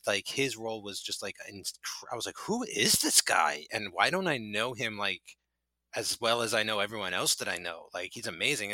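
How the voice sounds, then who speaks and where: A man's voice: fairly low pitch, bright, forceful tone, no room sound. A man co-hosting a podcast, chatting with rambling enthusiasm about films he loves. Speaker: podcast co-host. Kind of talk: casual chat.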